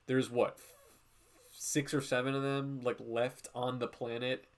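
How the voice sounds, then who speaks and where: A man's voice: medium pitch, unhurried. Rambling, profane male art streamer. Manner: rambling and profane, jumping between tangents; animated, often slipping into quoted voices. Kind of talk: casual livestream chat while drawing.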